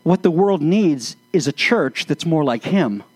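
A man's voice: on the high side, lively intonation, unhurried, a little mellow, no echo. A man speaking as a pastor in sermon-style commentary, earnest, with flashes of exasperated sarcasm.

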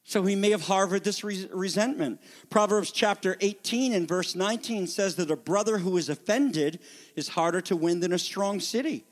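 A man preaching a sermon with a high voice and lively, animated delivery, now and then taking on the voices of people in the story. His words ring out with a long reverb, as if he is in a large hall. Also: normal speed. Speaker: pastor.

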